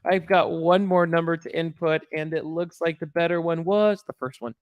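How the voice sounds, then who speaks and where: A man's voice: a little high, normal speed, clear, resonant tone, no room sound, muffled recording. Rambling man podcast co-host, light voice. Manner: rambling, self-correcting, puts on voices when quoting. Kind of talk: casual review chat.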